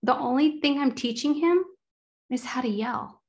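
A woman with a slightly higher voice talking casually and freely. She often lets a laugh slip in between phrases. The tone is open and conversational. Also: moderate pace, a little mellow.

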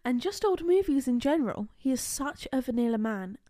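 A young woman co-hosting a podcast, chatty, giggly and excitable in casual talk. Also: high-pitched, fairly quick. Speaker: podcast co-host. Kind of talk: casual chat.

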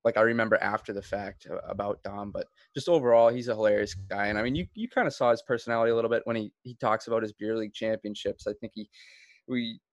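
A man hosting a podcast in casual chat, relaxed and rambling with plenty of fillers and restarts. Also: fairly low pitch, fast, dry recording, muffled recording. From Florida. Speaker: podcast host.

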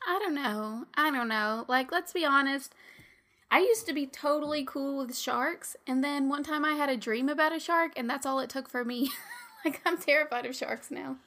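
A woman at a tabletop game talks candidly and casually. Her voice is high and bright. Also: normal speed. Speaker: player.

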